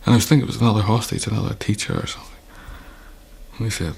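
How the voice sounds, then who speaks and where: Irish man, former hostage, interview, gravelly and very husky voice, low-pitched. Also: fast, darkish tone. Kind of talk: reflective interview recollection.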